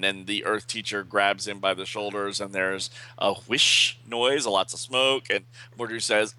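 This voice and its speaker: Bright-voiced man narrating a comic casually. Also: lowish voice, measured pace, hardly any pauses, clear, resonant tone, rough recording. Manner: relaxed storytelling with fillers. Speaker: podcast host. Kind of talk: casual comic read-aloud.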